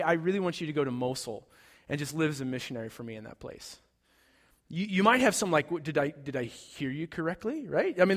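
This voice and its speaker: A man's voice: high-pitched, a bit bright, big-room sound. A man preaching a sermon, telling a story in a conversational way and acting out the quoted lines. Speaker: pastor.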